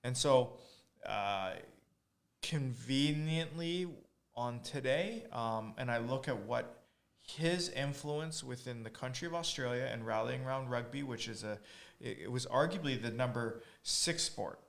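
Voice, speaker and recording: A man's voice: mid-range voice, a little slow, vocal fry, fairly bright tone. A man, a rugby coach as guest, explaining in casual chat, often restarting his sentences.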